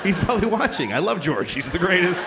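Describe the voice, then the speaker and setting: A man's voice: high-pitched, sing-song, quick pace. A man doing a stand-up comedy set on a club stage, exasperated and profane, mocking himself as he talks. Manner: exasperated, profane, self-deprecating. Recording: loud crowd laughter, live club noise. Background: crowd laughter.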